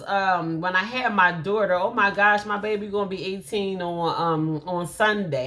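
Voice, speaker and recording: A woman gives a casual motivational talk, telling stories and throwing in lively quoted asides. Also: medium pitch. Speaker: host.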